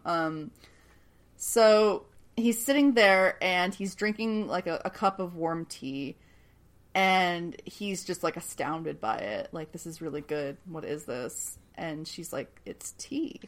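A woman's voice: on the low side, unhurried. A woman co-hosting a casual podcast, recapping a TV episode with lots of laughter and the odd swear word. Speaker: podcast co-host.

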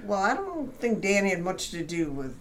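A woman's voice: medium pitch, big pitch swings, normal speed, crowd noise. A woman co-hosting a podcast in casual chat, teasing her co-host with dry quips.

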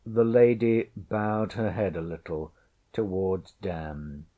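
A man reading a classic story aloud as narrator, in a measured, even storytelling manner. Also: low voice. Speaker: audiobook narrator. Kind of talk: scripted narration.

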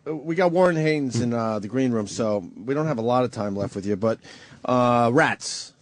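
A man's voice: medium pitch, moderate pace, no echo. A man hosting a casual podcast chat, profane and wisecracking with his guest. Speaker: host.

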